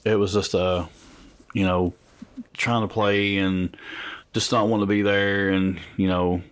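A man hosting a casual podcast chat from a room at home with big windows, telling stories in an animated, self-mocking way. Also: deep voice, measured pace, clean tone. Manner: animated storytelling with laughs and self-mockery. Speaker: podcast host. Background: passing traffic and children audible.

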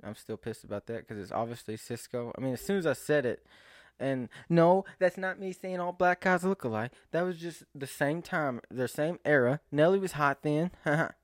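A man's voice: fairly high pitch, normal speed, no echo, clean studio sound. Rambling self-mocking young man. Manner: rambling, self-mocking, laughs and sighs often. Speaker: vlogger. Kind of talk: rambling casual monologue to camera.

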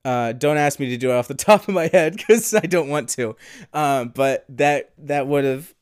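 A man's voice: medium pitch, normal speed, smooth, dry recording, studio quality. A man co-hosting a podcast in casual chat, rambling with fillers and laughing often. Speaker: podcast co-host.

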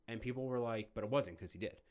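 A man's voice: medium pitch, fast, a little mellow. Easygoing man telling a story. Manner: storytelling, agreeable, uses "like" a lot. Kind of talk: casual chat.

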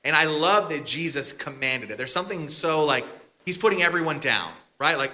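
Bright-voiced male pastor telling a story. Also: a little high, expressive, normal speed. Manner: casual, chatty, bantering with the congregation. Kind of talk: storytelling sermon.

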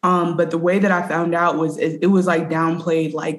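Woman, lowish voice, animated casual chat, personal stories. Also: normal speed. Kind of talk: casual chat about a TV episode.

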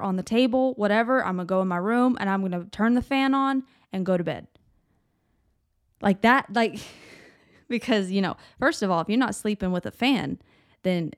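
A woman's voice: mid-range voice, no echo, clean studio sound. Chatty woman on a faith podcast. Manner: rambling, repeats words, many "like" and "you know", laughs often. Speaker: podcast host. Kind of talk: casual faith podcast talk.

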